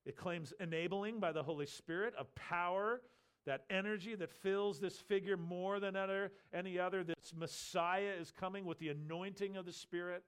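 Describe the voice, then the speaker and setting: A man's voice: high-pitched, normal speed, clean tone. A man preaching an expository sermon, explaining a Bible passage and briefly acting out the voices he quotes. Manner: animated teaching, acts out quoted voices.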